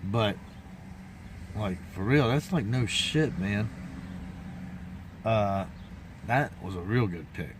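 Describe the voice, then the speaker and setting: Low-voiced man rambling folksily. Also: slow pace, long pauses, noisy background. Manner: rambling, folksy, restarts and trailing asides. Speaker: vlogger. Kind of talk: casual rambling monologue.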